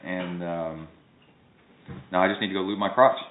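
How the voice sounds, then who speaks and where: A man's voice: deep voice, steady tone, moderate pace, slight background noise. A man who coaches triathlon and hosts the show, chatting casually and joking at home. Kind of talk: casual chat. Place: home in a suburban neighborhood. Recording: echoey, phone-like lo-fi audio.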